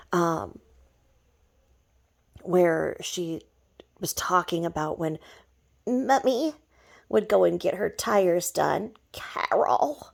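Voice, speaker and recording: A woman with a low, creaky voice vents in a gossipy vlog rant. She mocks her target openly and keeps dropping into hushed whispered asides. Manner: mocking, drops to whispered asides. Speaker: vlogger.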